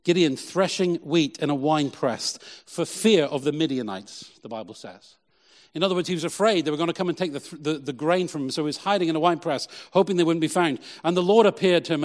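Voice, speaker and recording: Middle-aged pastor guy preaching, bit high voice, leans hard on slow repeated lines, echoey hall. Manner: emphatic preaching with repetitions and slow stressed phrases. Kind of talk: sermon.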